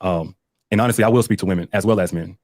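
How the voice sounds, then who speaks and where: A man's voice: deep voice, fast, darkish tone, dry recording. A man guest on a podcast, speaking sincerely and confessionally to listeners. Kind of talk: reflective interview talk.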